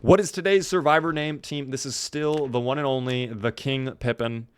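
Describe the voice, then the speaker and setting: A man's voice: medium pitch, fairly even intonation, normal speed, clear, resonant tone. A man streaming a game live, chatting playfully with his viewers and thanking them as he plays. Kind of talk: live gameplay commentary.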